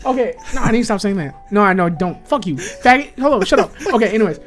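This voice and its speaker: Excitable young podcast co-host, rambling and loud by turns, faint music behind. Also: medium pitch, quick pace. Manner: excitable, loud outbursts, storytelling. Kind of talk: casual podcast banter.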